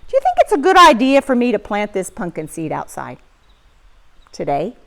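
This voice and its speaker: A woman teaching young children in a lively, sing-song way, talking right to them. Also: mid-range voice, moderate pace, vocal fry. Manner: animated, sing-song, talks to the kids. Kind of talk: children's lesson. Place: barn.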